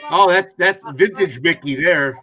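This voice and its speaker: Male moderator, casual chat, slightly high voice, helpful and repetitive. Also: unhurried, sharp tone. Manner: helpful, explaining settings, repeating himself. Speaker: stream moderator. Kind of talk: casual chat on a group video call.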